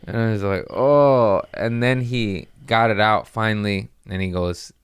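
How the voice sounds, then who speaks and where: A man hosting a comedy podcast, telling a rambling, profane story in casual chat and jumping up in pitch for the punchlines. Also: steady tone, moderate pace, fairly bright tone, clean tone, dry recording.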